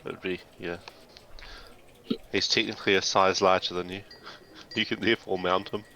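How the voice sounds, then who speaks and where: A man playing in a tabletop game over a call, laughing and pitching schemes. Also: level tone, moderate pace, bright, forceful tone, slight background noise, rough recording. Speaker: player.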